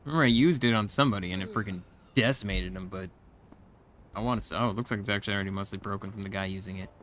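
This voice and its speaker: A man giving casual let's-play commentary, chatty and quick to react aloud and laugh at the game. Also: on the low side, fairly bright tone, a little hiss or hum. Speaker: gamer.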